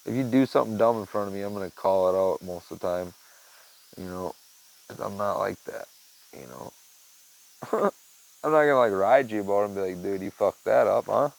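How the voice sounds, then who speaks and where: A man in his garage talking casually to his viewers, rambling and swearing, and cooing at his cat in a high voice. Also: a little fast, vocal fry, pauses often, poor audio. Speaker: vlogger. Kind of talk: casual monologue to camera.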